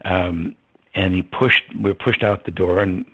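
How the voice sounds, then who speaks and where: An older man with a husky voice, reflectively telling a story as an interview guest. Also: deep voice, fairly even intonation, measured pace. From United States. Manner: reflective, with many ums and soft laughs. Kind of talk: storytelling in conversation. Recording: dull lo-fi sound.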